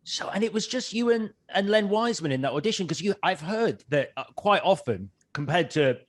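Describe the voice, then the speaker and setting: Chatty high-voiced male podcast host. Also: animated, brisk. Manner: chatty, rambling questions. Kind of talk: casual interview.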